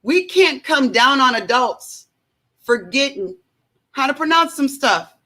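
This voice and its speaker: A woman hosting a casual reaction show from home, talking in an animated, chatty way with many asides to her viewers. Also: sits high, measured pace. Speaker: show host.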